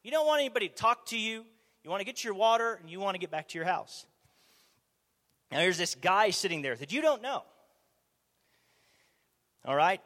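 A man preaching a conversational sermon, animated, asking the audience rhetorical questions, in a church or meeting hall. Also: high-pitched, moderate pace, pauses often. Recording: long hall reverb.

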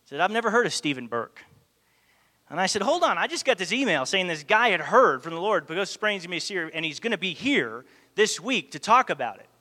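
A fast-talking preacher whose voice sits high tells a story in his sermon with great animation, acting out the quoted speech. Long hall reverb fills the recording.

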